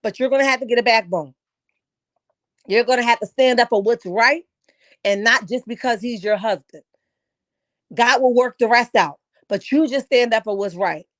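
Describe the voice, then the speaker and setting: Woman w/ aave ranting about a reality show, blunt and preachy, kinda high voice. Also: moderate pace, long pauses, a bit bright, dry recording. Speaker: reality TV commentator. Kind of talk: casual commentary vlog.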